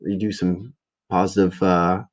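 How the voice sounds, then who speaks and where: A man's voice: low-pitched, level tone, a little slow, rough recording. A man hosting a casual livestream, reading articles and viewer comments aloud, stumbling over words, correcting himself and swearing often, sounding a little tired. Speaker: livestream host.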